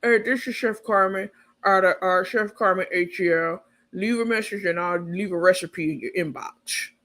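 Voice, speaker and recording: A woman voicing a gruff woman chef who threatens in a low, flat tone. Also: normal speed, lightly acted. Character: gruff woman chef, menacing when provoked.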